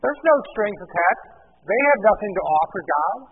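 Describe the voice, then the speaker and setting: A man with a high, husky voice preaches a sermon, reading scripture and explaining it, and raising his voice to stress key points. The sound is narrow and tinny, like a radio broadcast heard over a phone line. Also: lively intonation, normal speed.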